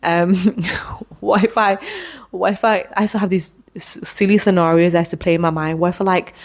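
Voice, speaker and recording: A woman's voice: fairly low pitch, fairly even intonation, moderate pace. A woman in her thirties hosting a podcast, telling a personal story in a candid, rambling way with frequent restarts. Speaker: podcast host.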